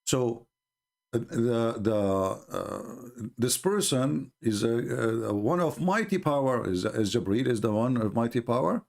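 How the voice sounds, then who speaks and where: This is a man with a voice of ordinary middle pitch, giving a live-streamed commentary. He talks in an emphatic, mocking and scornful way. His delivery halts often, with fillers and false starts. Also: very animated, vocal fry, a little mellow. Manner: halting, with frequent fillers and restarts.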